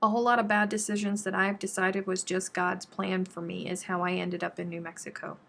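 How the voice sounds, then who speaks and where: Gravelly chatty woman. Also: on the low side, flat delivery, brisk, a bit bright. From Texas. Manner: chatty, reads out and answers viewer comments. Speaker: crochet live stream host. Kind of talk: casual live-stream chat while crafting.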